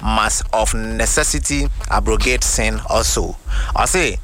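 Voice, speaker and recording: Bright-voiced Ghanaian preacher man. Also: on the low side. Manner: reads quotations slowly and deliberately, then explains. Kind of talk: sermon teaching with quoted readings.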